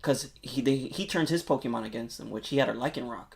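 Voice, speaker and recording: A male podcast co-host speeds through an excited retelling of a movie, his mid-range voice creaky as he rambles. The talk is relaxed and full of fillers and swear words.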